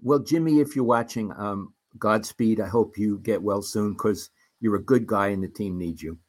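A man's voice: fairly low pitch, normal speed. An older man co-hosting a casual sports podcast with his son, chiming in with short, easygoing remarks. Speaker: co-host, host's father.

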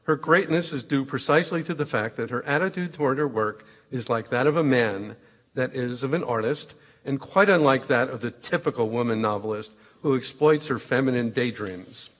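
An actor reading letters as a stern, opinionated literary critic who lectures and corrects. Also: male voice, medium pitch, moderate pace, fairly bright tone, natural voice. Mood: lecturing. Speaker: letter reader. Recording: long hall reverb.

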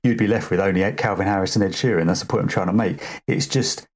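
Brit male co-host, husky low voice, quick heated delivery, swears freely. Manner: heated, swearing, acts out quoted people. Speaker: podcast co-host, music producer. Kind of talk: casual podcast debate.

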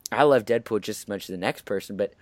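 A man's voice: on the low side, quick pace, dry recording. A man hosting a casual movie review, leading the talk with eager opinions and lots of "you know"s. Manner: enthusiastic, leads the discussion, many "you know"s. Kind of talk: casual chat.

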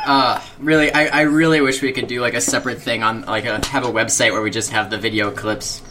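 Man, wisecracking heckler, tabletop player, loud background noise. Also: mid-range voice, fairly even intonation, brisk. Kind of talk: casual tabletop game banter.

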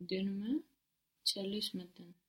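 A woman's voice: mid-range voice, extremely slow. A woman learning a language, answering in short careful phrases.

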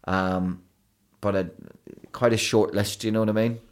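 A man, a broadcaster and DJ guest telling rambling, animated stories in a casual podcast chat. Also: lowish voice, measured pace. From Belfast, Northern Ireland. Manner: rambling, animated storytelling with restarts.

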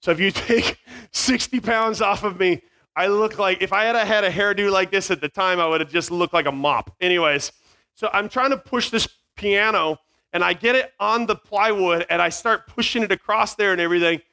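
A man telling a funny story to an audience, animated and self-mocking, acting out sounds, with a small mic near his beard. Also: high-pitched, moderate pace.

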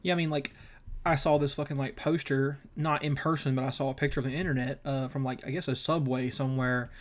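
A man's voice: medium pitch, fairly even intonation, quick pace. A man co-hosting an amateur podcast, ranting about politics in a heated, profane, casual way. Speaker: podcast co-host.

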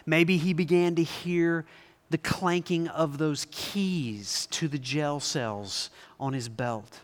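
A man preaching a sermon to a congregation, animated, asking them questions and acting out scenes. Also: on the high side, slow. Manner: animated, asks the audience questions and acts out scenes. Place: large hall before a live congregation. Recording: long reverb in a large hall.

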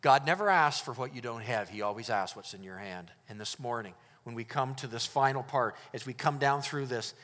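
A man preaching a sermon as pastor, emphatic, moving between loud declarations and hushed, earnest lines. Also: mid-range voice, a little fast, few pauses. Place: church hall. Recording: long reverb of a church hall.

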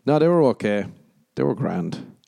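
A man's voice: medium pitch, very animated, moderate pace, gravelly, warm tone. A young man hosting a rambling solo podcast, profane and jokey, often slipping into exaggerated mock voices. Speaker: podcast host.

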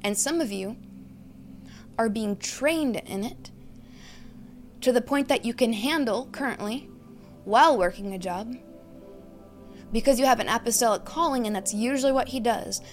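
Soft-spoken woman preaching over faint music. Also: on the high side, normal speed, pauses often. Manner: reflective, teaching with questions and lists. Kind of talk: sermon teaching.

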